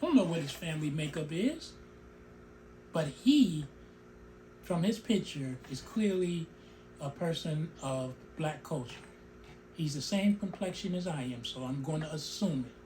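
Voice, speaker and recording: A middle-aged man talks in an animated, emotional way, his pitch leaping up and down as he makes his points. He keeps breaking off into asides about his own words before pressing on. There is faint noise behind him. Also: a little slow. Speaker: show host. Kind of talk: opinion commentary monologue.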